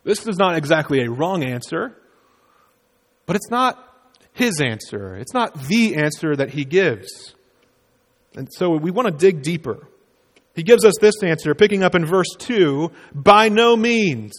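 A man with a high voice preaches a sermon in an earnest, explanatory way, and he lifts his voice to stress key phrases. His words trail into a long reverb from the hall around him. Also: big pitch swings, unhurried, pauses often. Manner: earnest, explanatory, with emphatic rises on quoted words. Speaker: pastor.

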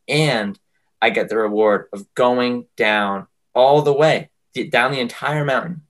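A man of middle pitch talking in a loose, joking, conversational way. He spins a comic story and slips into little character voices for the people in it. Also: moderate pace, a bit bright. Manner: joking, acts out quoted voices. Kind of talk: casual chat, comic storytelling.

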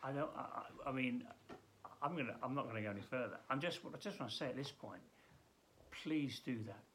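A man as pastor giving an earnest daily Bible devotional, emphatic and halting with frequent restarts. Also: medium pitch, fairly bright tone, slight background noise.

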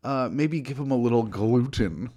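A young man co-hosting a casual comedy podcast, cracking crude, teasing deadpan jokes. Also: mid-range voice, normal speed. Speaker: podcast co-host.

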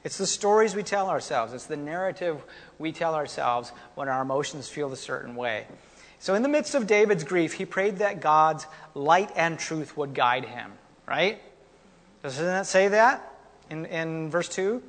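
A man with a high voice preaches in a relaxed, conversational way and drops in folksy asides to his congregation. His voice rings out with a long reverb, as if in a church hall. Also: a little slow. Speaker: pastor. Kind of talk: sermon.

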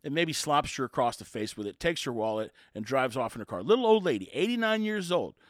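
A man's voice: medium pitch, very animated, brisk, dry recording, studio quality. A man who works as a dog trainer, giving an emphatic, opinionated monologue and acting out quotes in raised voices.

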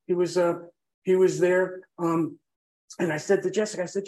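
A man's voice: high-pitched, steady tone, normal speed, darkish tone, rough recording. A man telling his own emotional story in a rambling way, full of fillers and drifting off track.

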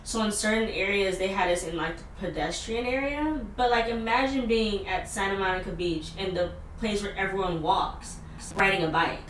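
Bright-voiced woman telling a story. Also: mid-range voice, moderate pace, slight background noise. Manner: animated, with frequent fillers and laughter. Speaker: podcast host. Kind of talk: casual storytelling chat. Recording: echoey room, mic at a distance.

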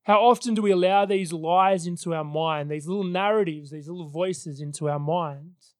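A man's voice: fairly high pitch, normal speed, no room sound, studio quality. A man in his thirties preaching a sermon as pastor, telling personal stories in an earnest way. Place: church service.

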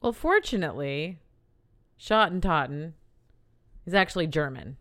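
Brief: female podcast co-host, very low and smooth voice, teasing humor, close dry sound. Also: lively intonation, measured pace, a bit bright, no room sound. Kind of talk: casual chat about board games.

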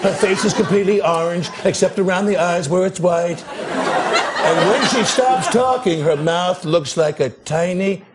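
A man's voice: high voice, measured pace, very noisy. An actor playing a boastful, rambling male tycoon politician in a live TV comedy sketch, with audience laughter around him. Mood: mocking. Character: bragging blustery male tycoon politician, middle-aged. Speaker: debate candidate in a sketch.

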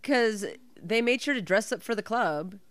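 A woman's voice: fairly high pitch, lively intonation, moderate pace, dry recording. A woman co-hosting a podcast, chatting casually and sarcastically with a lot of swearing and laughter while she watches a film. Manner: profane, sarcastic, laughs often. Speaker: podcast co-host. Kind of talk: casual watch-along chat.

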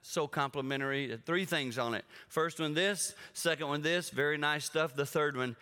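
A male guest preacher with a drawl, telling stories animatedly and talking straight to the congregation. His voice is bright and smooth, a little higher than most men's. The sound carries a long reverb from a large church auditorium. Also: moderate pace. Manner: animated storytelling, addresses the congregation directly. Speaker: guest speaker. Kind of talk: sermon.

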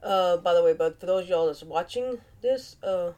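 A woman's voice: on the low side, normal speed, dark tone. A woman with a Cajun accent hosting a casual vlog, chatty and playful, her voice nasal and stuffed up from sinus congestion. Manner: chatty, playful, with animal noises. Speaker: vlog host. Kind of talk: casual football picks vlog.

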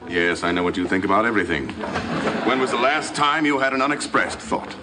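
A man's voice: fairly low pitch, fairly even intonation, fairly quick, very noisy, lightly acted. An actor playing a pompous male psychiatrist and radio host, talking with wry self-importance in a sitcom clip.

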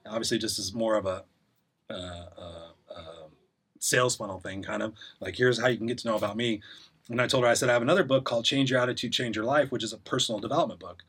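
A man's voice: on the low side, fairly bright tone, slightly rough. A man talking as a podcast guest, telling a long story in a blunt, sarcastic way with many restarts. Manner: fast, rambling storyteller with frequent restarts. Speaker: podcast guest, life coach. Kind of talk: casual conversation.

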